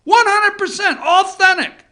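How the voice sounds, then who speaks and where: A man voicing a mocking impression of a male politician, high-pitched and shouting. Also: measured pace, exaggerated voice.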